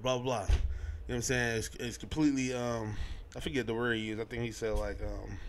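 A young man hosting a podcast, giving his sports opinions in a casual, animated way, full of slang and restarts. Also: medium pitch, brisk, a little hiss or hum. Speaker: podcast host.

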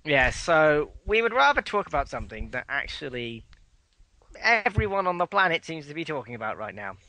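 A man co-hosts a casual podcast, recapping the news bluntly and swearing freely. He has a bright, tense, forceful tone that sits a little high for a man. The sound is dry and close, with no room echo. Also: sing-song, normal speed. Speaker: podcast co-host. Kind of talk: casual chat.

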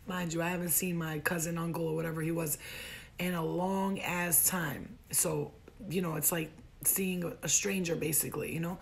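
A young American woman with a gravelly edge to her voice tells a personal story in loose, casual chat. She swears freely and jumps into a louder, higher voice whenever she acts out what someone said. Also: normal speed, slight background noise. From United States. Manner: animated, profane, acts out quotes in a raised voice.

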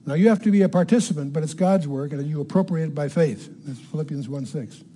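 A man's voice: fairly high pitch, fast, dark tone. An older man giving a Bible teaching to a room, emphatic, repeating key words and putting questions to his listeners. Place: room with a live audience.

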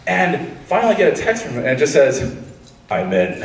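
Animated young man telling a stand-up story. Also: high-pitched, fairly quick, reverberant, far from the mic, crowd noise, low-quality recording. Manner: rambling, animated, laughs at his own story. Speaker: stand-up comedian.

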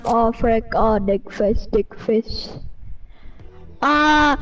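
A woman giving casual commentary on her own game match, trash-talking rowdily and breaking into sudden shouts. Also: a little high, very slow, long pauses, lo-fi sound. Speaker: gamer recording her match.

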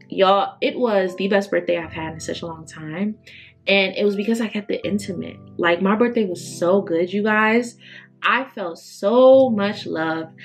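A woman's voice: lowish voice, creaky, fairly bright tone. A woman in her early twenties chatting casually to camera as a beauty vlogger, emphatic and full of fillers. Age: 20s.

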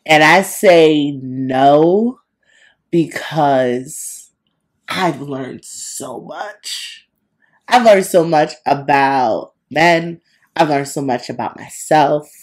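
Slow, low-voiced woman reflecting. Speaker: podcast co-host. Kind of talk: casual chat.

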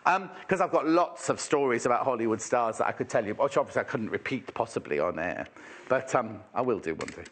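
A man's voice: mid-range voice, lively intonation, fairly quick, fairly bright tone. A man presenting a live shopping channel in a chatty, teasing way, full of exclamations.

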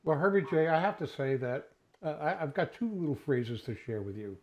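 A man's voice: on the high side, lively intonation, brisk, a little mellow, a little hiss or hum. A man hosting an interview, making playful remarks to his guest. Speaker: interview host. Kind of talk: interview chat. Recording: dull lo-fi sound.

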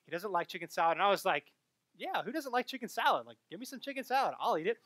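A young adult man giving a sermon as a pastor, telling stories in an animated way that rises and gets louder at the punchlines. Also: high-pitched, fast, no room sound. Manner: animated storytelling, rising loud at punchlines.

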